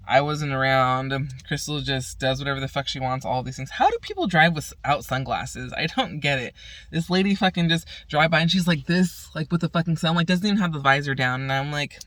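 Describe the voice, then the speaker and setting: A woman's voice: deep voice, a bit bright, dry recording. A woman vlogger telling a long casual story, swearing constantly, retelling conversations with "I'm like" and laughing at her own lines. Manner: profane, rambling, retells talks with "I'm like".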